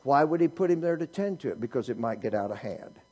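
A man's voice: mid-range voice, expressive, fast, dark tone, breathy edge. A male pastor preaching a sermon, asking the congregation rhetorical questions and teasing them with humor.

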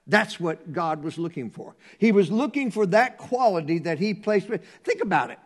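High-voiced preacher with dramatic swings. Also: male voice, expressive. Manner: dynamic delivery, swinging from hushed to loud emphasis; reads scripture in a slow, measured cadence. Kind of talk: sermon.

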